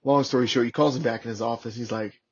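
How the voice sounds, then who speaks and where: Male podcast guest, 30s, former Marine; profane, animated storyteller; average pitch; dull lo-fi recording. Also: fast, breathy edge. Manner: profane, animated, acts out shouted quotes. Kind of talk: casual storytelling. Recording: lo-fi podcast audio.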